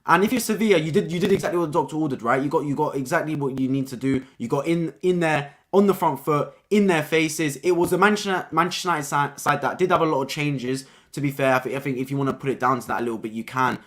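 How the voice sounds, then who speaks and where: Fast-talking young man reviewing football. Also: on the high side. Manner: excitable, repeats points, says "man" often. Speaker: football live-stream host. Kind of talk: live-stream football review.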